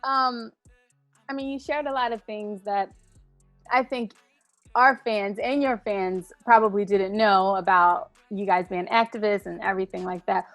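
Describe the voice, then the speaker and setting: A woman's voice: medium pitch, fairly even intonation, a little slow, a bit bright, no room sound, soft background music. A woman interviewer asking light, bubbly questions to her guests.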